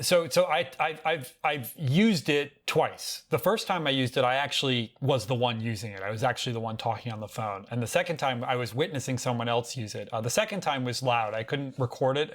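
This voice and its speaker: An American man co-hosting a casual tech podcast, telling stories in an animated way and often restarting his sentences. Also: mid-range voice, a little fast, few pauses. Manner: animated storytelling with frequent restarts. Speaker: podcast co-host.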